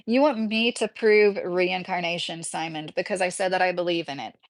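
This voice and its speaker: A woman's voice: lowish voice, normal speed. A woman livestreamer reading out chat comments and answering them in a heated, casual way.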